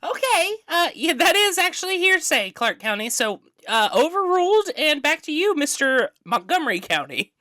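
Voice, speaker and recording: A woman's voice: high voice, big pitch swings, normal speed, hardly any pauses, bright, forceful tone, no room sound, clean studio sound, heavily acted. A woman playing a scatterbrained, unsure judge who runs a silly trial in an improvised comedy bit. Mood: flustered. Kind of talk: improvised comedy role-play.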